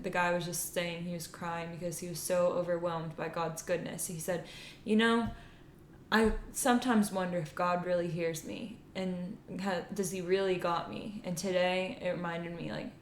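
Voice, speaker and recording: A young woman tells a faith story to her co-host in an earnest, rambling way. Her voice sits low and stays fairly level. The room is echoey, with a faint hiss under it. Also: steady tone, moderate pace. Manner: earnest storytelling, many "like" fillers. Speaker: podcast co-host. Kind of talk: casual faith chat.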